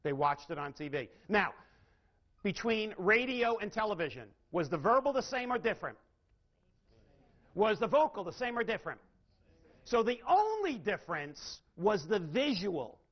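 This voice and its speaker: High-voiced male seminar speaker. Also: big pitch swings, normal speed. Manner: asks the audience questions, varies emphasis and pace. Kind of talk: live sales training lecture. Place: lecture hall with audience. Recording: dull lo-fi recording.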